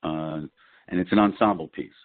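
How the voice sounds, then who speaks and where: A middle-aged man from Brooklyn, an actor telling lively stories as an interview guest. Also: moderate pace, no room sound. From Brooklyn, New York. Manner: animated storyteller, lively pitch jumps. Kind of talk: casual interview. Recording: dry, tinny phone-like line.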